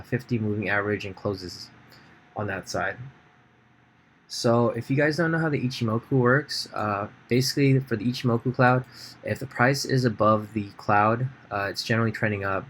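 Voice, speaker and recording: A trading educator with a fairly low voice goes over a chart during a screen-share tutorial, relaxed and conversational. He thinks aloud, pausing on fillers and restarting sentences, while a faint hiss sits beneath his voice.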